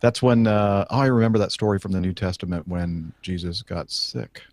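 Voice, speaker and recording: Brief: deep-voiced male podcast co-host, deadpan asides while reading stories. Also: normal speed, dry recording. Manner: dry joking asides. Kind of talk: casual chat, reading news aloud.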